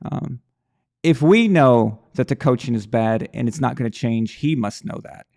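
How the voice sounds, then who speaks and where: A man's voice: mid-range voice, normal speed, vocal fry, darkish tone. A man hosting a live sports talk stream, thinking aloud in a rambling way with many restarts and repeated words. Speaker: live show host. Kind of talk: casual sports talk livestream.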